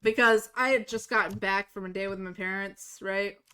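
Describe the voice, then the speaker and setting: A woman's voice: mid-range voice, steady tone, moderate pace, pushed and bright, smooth. A woman streaming a game live, telling stories in casual chat, blunt and swearing freely. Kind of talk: casual chat while gaming.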